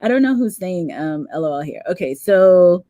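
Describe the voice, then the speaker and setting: A woman's voice: fairly low pitch, expressive, moderate pace, mellow, no room sound, lo-fi sound. Laughing woman reading chat comments, dry sound. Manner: reads viewer comments aloud, laughs often. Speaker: livestream co-host. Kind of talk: casual livestream chat.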